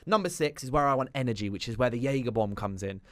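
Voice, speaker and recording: Fast-talking male studio guest. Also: mid-range voice, animated, a bit bright, dry recording. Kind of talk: casual studio chat. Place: radio studio.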